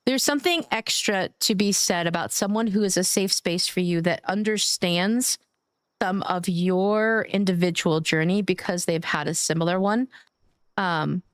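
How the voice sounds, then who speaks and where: A woman's voice: on the low side, normal speed, dry recording, clean studio sound. A woman streamer chatting casually while gaming, affectionate and gushing, cursing now and then.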